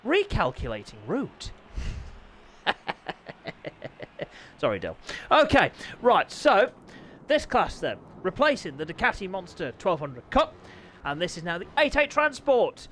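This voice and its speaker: A man hosting a sim-racing league stream, commentating and chatting with his riders in a jokey, excitable way that breaks into yelps and laughter. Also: sits high, a little slow, long pauses, a little hiss or hum. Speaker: race league host and streamer. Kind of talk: live race commentary and chat.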